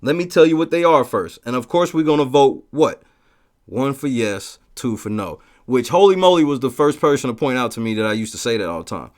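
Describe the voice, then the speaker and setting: Animated, profane man hosting a livestream. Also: medium pitch, brisk. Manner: profane, animated storytelling with shouted quotes. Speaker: livestream host reading chat. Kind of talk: casual livestream chat.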